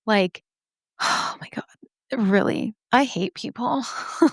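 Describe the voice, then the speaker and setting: A woman's voice: fairly high pitch, expressive, slow pace, fairly bright tone, no room sound, clean studio sound. A woman hosting a podcast, chatting casually and candidly about listener stories, swearing freely and laughing at herself. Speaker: podcast host. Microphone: podcast microphone.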